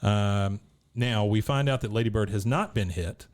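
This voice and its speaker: Low-voiced man recapping a cartoon. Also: normal speed. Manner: retells scenes, quoting characters and laughing. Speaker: podcast co-host. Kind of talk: casual episode recap.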